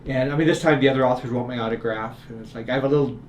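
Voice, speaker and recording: A man's voice: medium pitch, very fast, lo-fi sound. A middle-aged man, a guest author, telling a story in conversation and acting out the people in it. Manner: animated storyteller acting out dialogue. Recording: echoey room, faint ambient noise.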